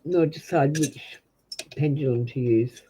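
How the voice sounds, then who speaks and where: A woman's voice: deep voice, measured pace, warm tone, a little hiss or hum, poor audio. An Australian woman giving blunt, direct tarot readings to viewers on a live stream. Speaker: tarot reader.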